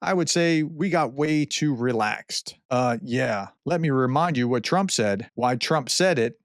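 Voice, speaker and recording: A male professor explains the news in an easy, conversational way, breaking off for asides and restarting sentences. His voice sits at an ordinary middle pitch. The recording is dry and close, with no room echo. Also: lively intonation, a little slow. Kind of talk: commentary on news clips.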